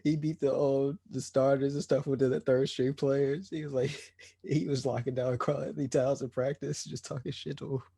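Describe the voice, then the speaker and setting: A man's voice: mid-range voice, little pitch movement, normal speed, gravelly, warm tone, slightly rough, dry recording. Ranting man on a sports podcast. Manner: ranting, exasperated, repetitive. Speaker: podcast co-host. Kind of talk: heated sports podcast rant.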